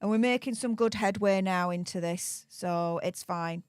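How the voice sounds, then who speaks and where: A woman's voice: mid-range voice, normal speed, clean tone, no echo. A tired woman from the UK reading a book aloud on a live stream, chatty, with sarcastic asides. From United Kingdom. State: tired after hours of streaming. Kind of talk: casual live-stream commentary.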